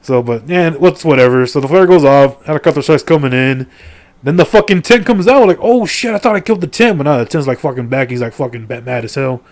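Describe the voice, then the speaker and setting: A man's voice: medium pitch, animated, brisk, darkish tone. A middle-aged man casually recapping a video game's story, rambling with crude jokes, heavy swearing and lots of fillers. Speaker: gaming video creator.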